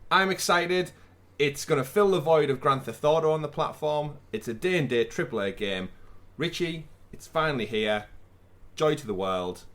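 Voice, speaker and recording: Animated man hosting a podcast. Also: mid-range voice. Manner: animated, theatrical build-ups. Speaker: podcast host. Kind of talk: casual podcast chat. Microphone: remote call mic.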